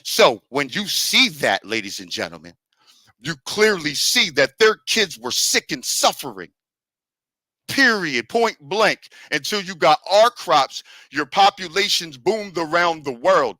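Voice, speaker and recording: A man's voice: fairly high pitch, sing-song, takes it slowly, pushed and bright, dry recording, low-quality recording. A man making an emphatic, lecturing case in an online debate and talking over others. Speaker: debater presenting a historical argument.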